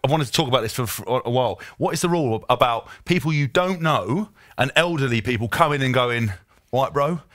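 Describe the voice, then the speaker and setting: Fast-talking, emphatic man, dry sound. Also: mid-range voice, expressive, a bit bright, dry recording. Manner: emphatic, repeats points for effect. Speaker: podcast co-host. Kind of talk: casual podcast chat.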